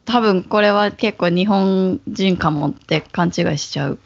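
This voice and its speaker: A woman's voice: mid-range voice, brisk, vocal fry. A woman interviewing a guest in casual chat, playful and admiring, on a dull lo-fi recording. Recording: dull lo-fi audio.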